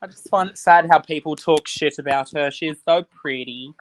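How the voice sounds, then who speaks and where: A woman's voice: deep voice, normal speed. A woman with a mixed Australian and British accent, chatting easily and affectionately with friends. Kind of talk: casual chat among friends.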